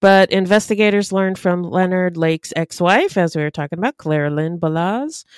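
A woman co-hosting a true crime podcast, reading out case facts in a steady, matter-of-fact way. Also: on the low side, moderate pace, clean tone, no room sound. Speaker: podcast co-host. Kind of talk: reading case details in casual chat.

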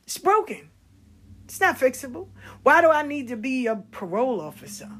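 A middle-aged woman telling stories about her life in a casual, blunt and animated way, swearing freely. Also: high-pitched, moderate pace, slight background noise. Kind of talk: casual storytelling.

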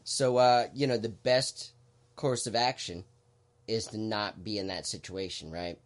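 A man hosting a podcast, explaining things in a relaxed, halting way with lots of fillers. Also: fairly low pitch. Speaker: podcast host. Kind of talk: casual podcast chat.

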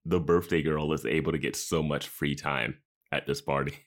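A man's voice: extremely low pitch, steady tone, normal speed. A man co-hosting a podcast, adding dry asides in casual chat and laughing often. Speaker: podcast co-host.

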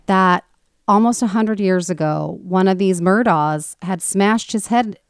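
A woman co-hosting a podcast and telling a true-crime story in a chatty, animated way with frequent restarts. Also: medium pitch, measured pace, clean tone, no room sound, clean studio sound. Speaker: podcast co-host.

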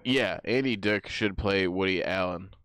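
Young male co-host, smooth and low, playful chatter, dry sound. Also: measured pace, fairly bright tone, no echo. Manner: playful, drifts into silly sing-song bits. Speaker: podcast co-host. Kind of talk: casual chat.

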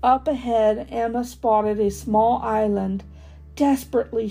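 A woman reading a children's storybook aloud, expressive with dramatic pauses. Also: a little high, vocal fry.

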